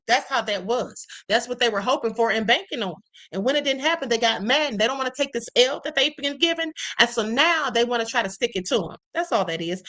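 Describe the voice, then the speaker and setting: A middle-aged woman hosts a live stream and keeps talking straight to her chat in a loose, chatty way. Her voice is bright and forward and sits a little high. She keeps checking in with her viewers as she goes. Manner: chatty, addresses viewers as y'all, frequent "okay?".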